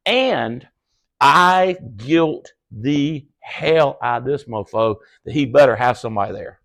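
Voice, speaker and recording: A man's voice: takes it slowly, vocal fry. A man giving a casual motivational talk to his team, folksy and blunt, swearing and laughing often as he tells stories. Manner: animated storyteller, acts out quoted dialogue in high excited voices. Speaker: business leader speaking to his team. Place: cabin event room with a live audience.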